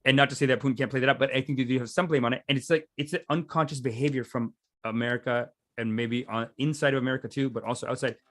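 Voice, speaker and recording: A man's voice: medium pitch, steady tone, fast talker, hardly any pauses. A man hosting a livestream, giving casual, rambling commentary and laughing often. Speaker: livestream host.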